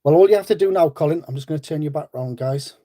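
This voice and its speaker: A man from North East England with a mellow, somewhat high voice talks quickly. Hosting a fishing channel's live stream, he chats in a rambling way and greets viewers by name.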